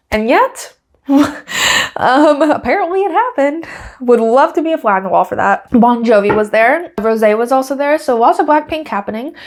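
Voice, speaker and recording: A woman hosting her podcast, recapping a race weekend in casual, giggly chat and acting out quotes in raised voices. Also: a little high. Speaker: podcast host.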